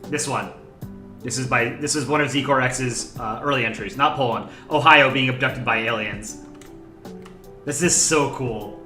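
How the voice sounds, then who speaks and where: A man casually commenting on fan art during a live stream, relaxed and rambling with lots of fillers. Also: medium pitch, unhurried, echoey room, faint music behind.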